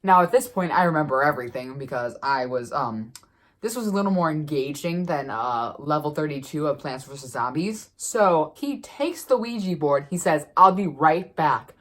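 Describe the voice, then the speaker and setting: A woman casually telling a story to the camera as a vlogger, chatty and animated, with lots of fillers. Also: deep voice, normal speed.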